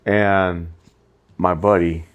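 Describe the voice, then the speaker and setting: On a muffled recording, a young podcast co-host with a smooth, low-pitched voice speaks very slowly. He tells a story in casual, profane conversation, acting out other people's words with lively quotes.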